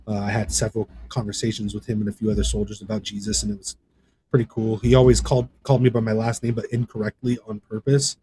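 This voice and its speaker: A man's voice: fairly low pitch, dark tone, a little hiss or hum. A man guest on a podcast, telling a personal story in a rambling, conversational way, full of fillers and restarts. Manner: voice rises sharply when reenacting others. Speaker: podcast guest, gaming content creator. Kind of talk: casual storytelling.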